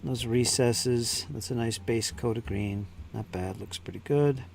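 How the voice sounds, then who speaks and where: A man's voice: medium pitch, a little slow, vocal fry, a little mellow, faint music behind. A man hosting a live stream, chatting casually and muttering to himself while he paints miniatures. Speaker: channel host painting miniatures.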